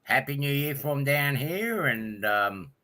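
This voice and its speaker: A man's voice: mid-range voice, animated, takes it slowly, pushed and bright. An Australian man hosting a casual livestream, chatting loosely and greeting viewers one by one with lots of ums. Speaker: livestream host.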